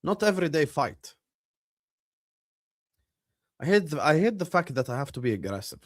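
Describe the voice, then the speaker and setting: A young man hosting a live football watchalong, chatting casually with his viewers and shouting at big moments of the match. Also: fairly high pitch, moderate pace. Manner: animated, bursts into loud shouts at match moments, banters with chat. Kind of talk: casual live-stream chat and match commentary.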